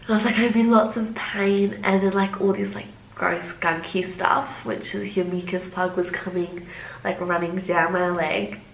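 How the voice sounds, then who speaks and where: A woman's voice: fairly low pitch, flat delivery, moderate pace, fairly bright tone, a little hiss or hum. A young woman casually telling a personal story to camera in a loose, chatty way, full of "like" fillers. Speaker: vlogger. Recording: roomy echo.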